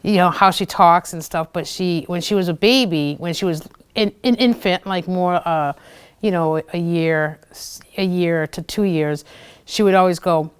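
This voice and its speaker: A woman's voice: on the low side, unhurried, clear, resonant tone. A woman in her thirties hosting a local TV show, telling personal stories in a chatty way, full of fillers and acted-out quotes. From United States. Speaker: host of a community TV show. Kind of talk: personal storytelling talk.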